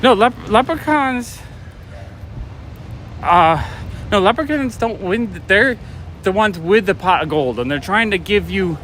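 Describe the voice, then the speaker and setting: Middle-aged male vlogger, high voice, loose and chatty, faint city traffic behind. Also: animated, a little slow, long pauses, fairly bright tone. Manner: rambling storyteller, chatty with viewers. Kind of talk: casual walking livestream chat. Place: city street outdoors. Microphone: phone or camera carried while walking. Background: traffic and street ambience.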